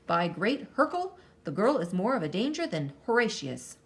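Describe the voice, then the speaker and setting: A woman voicing an enraged ancient king who shouts and scolds his men in a storybook reading. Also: medium pitch, very animated, moderate pace. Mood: roaring. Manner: shouting, indignant. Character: furious old male king, ranting.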